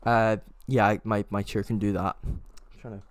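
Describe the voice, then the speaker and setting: A man's voice: lowish voice, little pitch movement, moderate pace, dry recording. A man hosting a race watchalong, giving live chatty commentary and often correcting himself mid-sentence.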